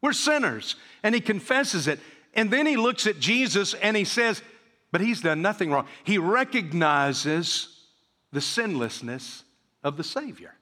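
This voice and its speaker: A man's voice: sits high, big pitch swings, measured pace, bright, forceful tone, long reverb tail. A man preaching a sermon to a congregation, acting out the voices of the people in his story. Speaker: pastor. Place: church sanctuary.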